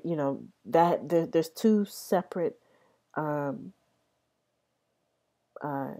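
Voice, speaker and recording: In a low, mellow voice, a young woman rambles through a relaxed vlog about language. She tends to repeat herself and frequently asks "right?"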